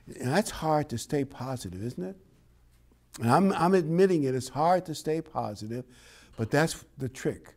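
A man's voice: medium pitch, very animated, measured pace, a little mellow. A man preaching a sermon in a conversational, encouraging way, telling a parable and chuckling now and then.

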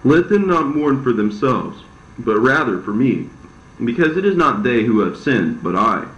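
A man's voice: mid-range voice, animated, moderate pace, a bit bright, lightly acted. A man voicing Adam, the grieving, repentant first man, who speaks in pleading laments. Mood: lamenting. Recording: roomy, slightly dull recording.

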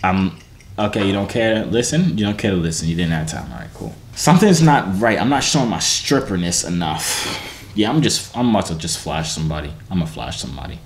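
A man's voice: deep voice, a little fast. Joking young man on a noisy video call.

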